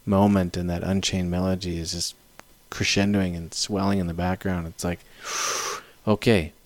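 A man's voice: low-pitched, flat delivery, normal speed. A man hosting a podcast, chatting casually about films and swearing freely. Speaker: podcast host. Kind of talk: casual chat.

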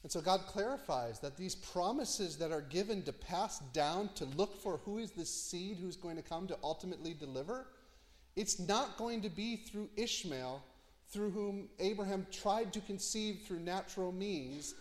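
Male pastor, high voice, storytelling sermon with asides, long hall reverb. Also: normal speed. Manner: animated storytelling with asides, dropping low and quiet for emphasis. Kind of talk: expository sermon.

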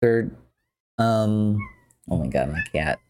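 A man's voice: lowish voice, lively intonation, takes it slowly. A man casually retelling a film's plot, chatty and rambling, with many fillers.

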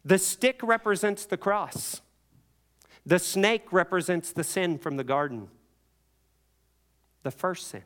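Animated man preaching a sermon. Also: high-pitched, slow pace, pauses often. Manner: animated storytelling, acting out biblical voices.

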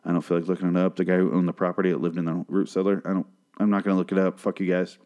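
A man with a somewhat low voice talks through a TV episode in one loose, unscripted monologue. He rambles, swears freely and interrupts himself, often breaking into exaggerated snippets of the characters' dialogue. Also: very fast, smooth, muffled recording. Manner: rambling, profane, self-interrupting, quoting characters in animated voices. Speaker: show recapper. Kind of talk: casual recap monologue.

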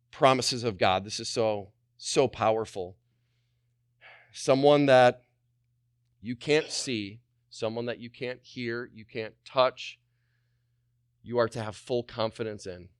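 A man's voice: mid-range voice, clean tone, no echo, clean studio sound. A male pastor preaching a sermon with energy, repeating phrases and voicing the people he quotes. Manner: energetic, repetitive, voices the speakers he quotes.

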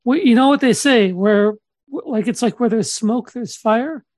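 A man from Saskatchewan co-hosting a comedy podcast, deadpan and halting with many restarts. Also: extremely high pitch, no room sound. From Saskatchewan, Canada. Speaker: podcast co-host.

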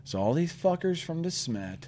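A man telling a long story in casual podcast chat, swearing often and rambling with animated quoted voices. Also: on the high side, normal speed, a little hiss or hum.

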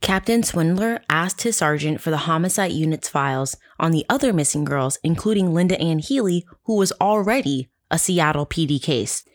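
A woman's voice: deep voice, animated, normal speed, hardly any pauses. A woman hosting a casual true crime podcast, telling the story with sarcastic, profane asides. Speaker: podcast host.

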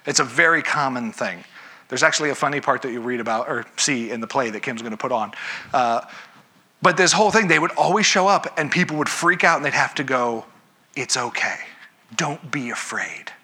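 Animated bright-voiced male preacher. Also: medium pitch, fast, husky. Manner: animated storytelling, acting out characters. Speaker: pastor. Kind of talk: sermon.

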